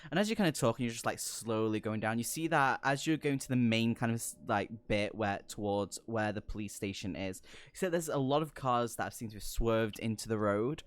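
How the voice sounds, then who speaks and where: A man's voice: medium pitch, brisk, hardly any pauses. A man narrating a tabletop game as game master, hesitant with many fillers.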